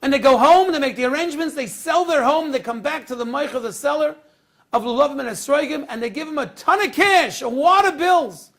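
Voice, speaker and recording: A man with a very high, gravelly voice tells a sermon story with a lilt. He goes from a near hush to loud, emotional peaks as he acts out the scenes. He speaks as a rabbi drawing a lesson for his listeners. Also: a little fast. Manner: dramatic storyteller, swings from hushed to loud.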